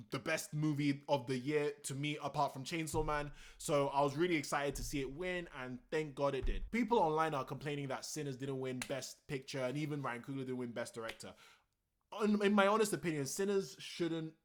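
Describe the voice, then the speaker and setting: A young man giving casual, opinionated commentary on his own channel, animated and full of slang. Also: fairly high pitch. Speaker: vlogger.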